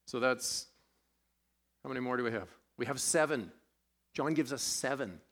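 Speaking at medium pitch and a moderate pace, this pastor's voice is a bit bright. His sermon is chatty and self-deprecating despite a sore throat, and he keeps putting questions to the congregation as he preaches.

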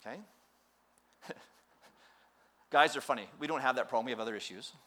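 A man's voice: mid-range voice, a little fast, bright, forceful tone. A middle-aged man preaching a sermon, telling stories with playful acted-out quotes and self-deprecating humor. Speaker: pastor.

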